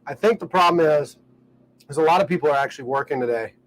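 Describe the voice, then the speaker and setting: A man with a drawl talks in a loose, easygoing vlog ramble, full of ums and restarts. His voice sits a little higher than most men's. He is recording outdoors on a boat at a dock. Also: quick pace, a little hiss or hum, poor audio. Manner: relaxed, rambling, with many fillers. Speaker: vlogger. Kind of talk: casual vlog talk.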